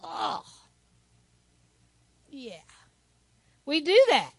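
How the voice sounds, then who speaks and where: A woman pastor preaching a sermon in a lively, conversational way, with asides to the congregation. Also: high voice, drawn-out words, creaky, no room sound.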